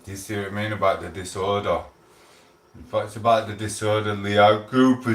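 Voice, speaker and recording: Rambling man, deep voice. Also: fairly even intonation, normal speed. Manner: rambling, chatty, reads out chat messages. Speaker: livestream host. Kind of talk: casual live-stream chat. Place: at home. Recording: roomy and distant from mic.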